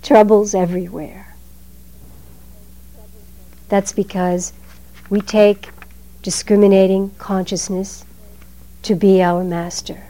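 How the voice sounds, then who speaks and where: A woman delivers a Zen dharma talk at an unhurried pace. Her tone is mellow and her phrasing is measured and emphatic, with line endings that fade away quietly. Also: medium pitch, little pitch movement, rough recording.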